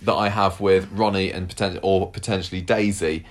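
Deep-voiced man on a podcast. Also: fairly even intonation. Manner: measured, chatty, thinking aloud with ums. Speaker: podcast co-host. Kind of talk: casual chat about a TV soap.

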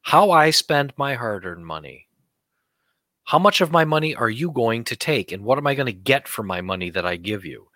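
A man's voice: medium pitch, big pitch swings, normal speed, pushed and bright, no room sound. A man co-hosting a talk show, ranting bluntly and heatedly about politics and money.

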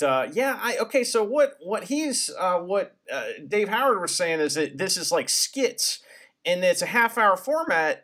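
A man co-hosting a casual podcast, talking in a loose, joking, rambling way. His voice sits a little high and swings widely in pitch as he talks. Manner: animated, rambling, jokey. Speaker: podcast co-host.

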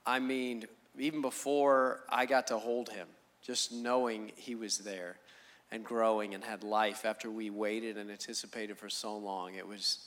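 A man's voice: fairly low pitch, level tone, a little slow, a bit bright. A man talking candidly and reflectively about fatherhood on a church panel. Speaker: panel guest.

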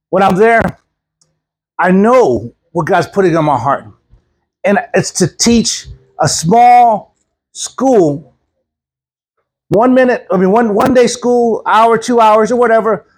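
A traveling preacher from Texas gives a casual sermon at a church gathering. His voice is fairly high and husky. He tells folksy stories and doubles back on his words as he goes. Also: low-quality recording. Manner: folksy storytelling, repeats words often. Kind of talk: informal sermon.

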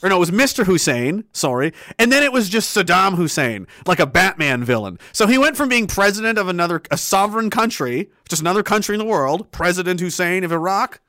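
Animated high-pitched sarcastic ranting man. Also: fairly quick, few pauses, no room sound, clean studio sound. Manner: animated, sarcastic, profane, laughing. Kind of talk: ranting commentary.

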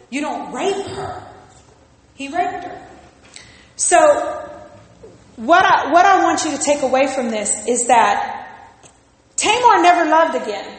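A woman preacher telling a story as a sermon, emphatic and animated, calling on the congregation to repeat after her. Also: high-pitched. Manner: animated storytelling, acting out scripture voices; emphatic repetition, calls on the congregation. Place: church sanctuary. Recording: loud echo, long hall reverb.

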